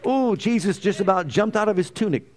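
A man preaching a sermon, animated, often questioning his listeners and acting out the quotes he tells. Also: sits high, brisk.

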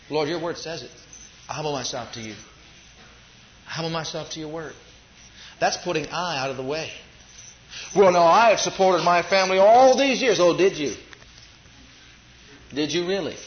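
A male pastor preaching a sermon, swinging between loud shouted lines and low, quiet asides. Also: echoey room, highs cut off, slight background noise.

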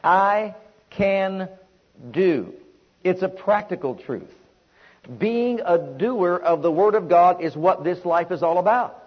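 A man preaching a sermon with emphatic, repetitive call-and-response delivery and a husky voice. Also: sits high, unhurried, highs cut off.

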